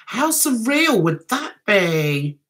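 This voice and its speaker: A woman's voice: mid-range voice, big pitch swings, takes it slowly, fairly bright tone. A woman hosting a casual livestream, chatting and giggling as she reads viewer comments and answers them fondly. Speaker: livestream host.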